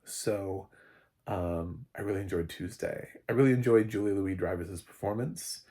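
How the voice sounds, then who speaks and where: A man's voice: low voice, moderate pace, warm tone. A man giving a casual spoken movie review, rambling, restarting sentences and chuckling often. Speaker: film reviewer.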